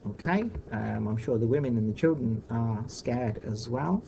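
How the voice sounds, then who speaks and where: A man teaching children in a recorded online lesson, thinking aloud patiently with many pauses and fillers. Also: mid-range voice, vocal fry, warm tone, muffled recording, a little hiss or hum.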